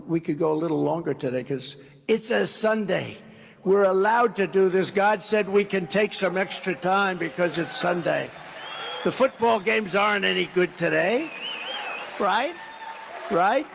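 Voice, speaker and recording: A man with a high-pitched voice and vocal fry gives a wandering, off-script campaign speech to a big rally crowd, repeating himself and performing dialogue as he speaks. The hall's long reverb fills the recording, along with a little hiss or hum.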